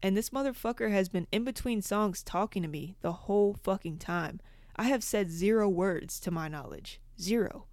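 A young woman hosting a podcast, telling a story in a casual, profane, animated way. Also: mid-range voice, moderate pace, no echo, clean studio sound. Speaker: podcast host.

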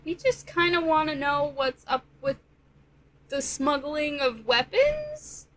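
A woman's voice: sits high, expressive, takes it slowly, low-quality recording. A woman playing a tabletop game, laid-back with short replies. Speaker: player.

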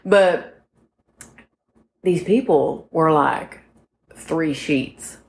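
A woman's voice: sits low, very slow, vocal fry. A woman in her forties co-hosting a podcast, telling rambling stories in casual chat and talking straight to her listeners. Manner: rambling, chatty storyteller who talks to listeners directly. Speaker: podcast co-host.

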